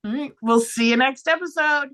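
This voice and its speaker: A woman co-hosting a podcast in casual chat, animated, often exclaiming and trailing off mid-thought. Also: high voice, moderate pace. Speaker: podcast co-host.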